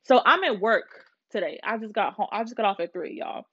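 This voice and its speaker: Young woman in her 20s ranting to her listeners, swearing a lot, mid-pitched voice, kinda muffled recording. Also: brisk, husky. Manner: profane, animated venting to listeners. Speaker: podcast host. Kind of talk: casual storytelling rant. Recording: slightly muffled with faint music.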